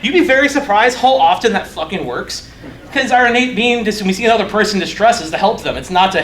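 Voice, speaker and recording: Young guy doing a casual conference talk, swears a lot, jokes about himself, kinda high voice, echoey room. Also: animated, quick pace, a bit bright. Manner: loose, profane, joking, self-mocking. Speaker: conference speaker. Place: conference hall.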